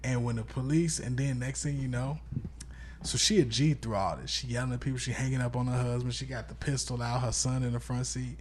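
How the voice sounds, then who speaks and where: A man co-hosting a podcast who retells a story in a quick, profane, casual way. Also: mid-range voice, steady tone, slight background noise. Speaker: podcast co-host. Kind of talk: casual chat.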